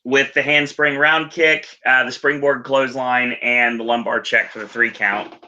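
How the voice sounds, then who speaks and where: A man's voice: medium pitch, level tone, normal speed, sharp tone, muffled recording. A man hosting a podcast in casual chat, rambling and correcting himself as he goes. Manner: rambling, self-correcting, laughs easily. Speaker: podcast host. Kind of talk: casual chat recapping wrestling.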